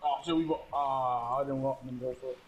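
A man's voice: mid-range voice, fairly even intonation, a little fast, very noisy. A young man on voice chat during a game, swearing and muttering short reactions. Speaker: teammate. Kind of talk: casual gaming chat.

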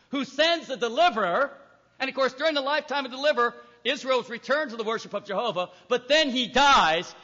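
A man's voice: extremely high pitch, pushed and bright. A man preaching a sermon, reading scripture aloud and emphatically acting out voices. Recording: echoey hall, dull lo-fi recording.

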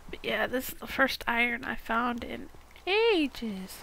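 A gaming video host from Iowa, in her forties with a Midwestern American accent, rambles casually while playing and drops into half-whispered asides. Her fairly high voice is sing-song, bright and forceful with vocal fry, at a measured pace, recorded in low quality with a little hiss or hum.

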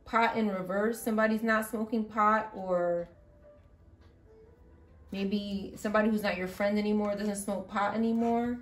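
Woman tarot reader, halting, repeats herself, faint music behind. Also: medium pitch, steady tone. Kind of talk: intuitive tarot reading.

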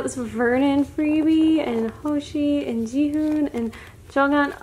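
Young woman gushing over her mail haul, kinda high voice, lots of gasps, bit of hiss behind. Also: normal speed. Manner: gushing, excitable, with gasps and laughs. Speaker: vlogger. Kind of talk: casual haul unboxing chat.

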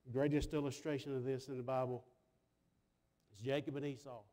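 Preacher, tenor-high voice, folksy church sermon with big swings in volume. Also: male voice, steady tone, moderate pace, a bit bright. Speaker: pastor. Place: church sanctuary.

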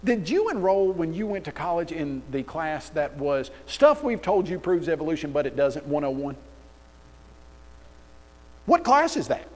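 A man preaching a sermon in an animated, sarcastic storytelling way. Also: fairly high pitch, normal speed, hardly any pauses, big-room sound, poor audio. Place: church auditorium.

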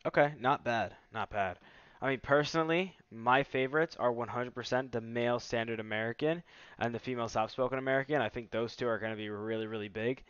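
A man hosting a casual product demo, talking in a relaxed, enthusiastic, salesy way. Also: mid-range voice, clean tone, no room sound. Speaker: tech vlogger host. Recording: slightly muffled dry recording.

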